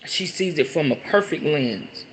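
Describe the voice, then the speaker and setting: A man hosting a casual spiritual talk, animated and conversational, reading viewer comments aloud. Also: on the high side, unhurried, slight background noise, low-quality recording. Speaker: host.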